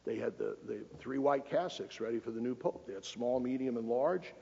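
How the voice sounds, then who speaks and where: A man's voice: medium pitch, moderate pace, vocal fry, warm tone, a little hiss or hum. A man giving a public lecture as a cardinal, folksy and emphatic, joking with the audience. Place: lecture hall. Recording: lo-fi recording with long hall reverb.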